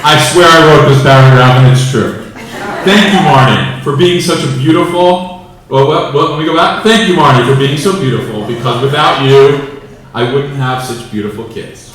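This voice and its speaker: A man's voice: mid-range voice, normal speed. Joking father speaking in an echoey hall. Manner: joking, playful, getting emotional. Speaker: father giving a speech. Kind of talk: prepared family speech. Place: large banquet room. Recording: echoey hall from far off, crowd.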